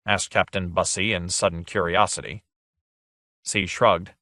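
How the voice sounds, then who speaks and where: A man narrating an audiobook in a clear, expressive reading. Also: deep voice, unhurried, no echo, clean studio sound. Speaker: audiobook reader. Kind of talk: scripted narration.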